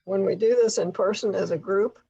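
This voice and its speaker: A woman leading a tutor training workshop, explaining things patiently with occasional soft laughs. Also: mid-range voice, brisk, creaky, husky, muffled recording. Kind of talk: workshop instruction.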